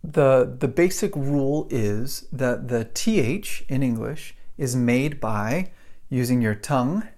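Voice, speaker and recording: A man's voice: medium pitch, animated, slow, a little mellow. A man teaching English pronunciation to camera, explaining patiently and checking in with the viewer again and again. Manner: explains patiently, keeps checking with "right?" and "okay?". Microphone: microphone in front of him.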